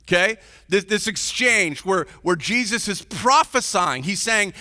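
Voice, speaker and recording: A high, bright male voice preaches a conversational sermon and keeps checking in with the congregation. The sound rings with long reverb from a church sanctuary. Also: expressive, moderate pace. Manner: informal, chatty, checks in with the audience often. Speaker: pastor.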